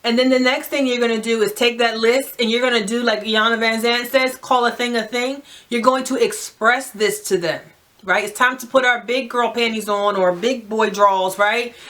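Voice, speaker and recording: A woman's voice: a little high, fairly even intonation, normal speed. A woman from New Jersey with a New Jersey accent, giving emphatic, direct life advice to camera and often checking in with "right?". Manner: naturally loud. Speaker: advice vlogger.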